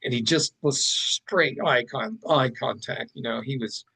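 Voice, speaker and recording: A man, a podcast guest and artist, telling a story in a casual, animated way with plenty of fillers and asides. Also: medium pitch, a little slow, gravelly, husky, rough recording.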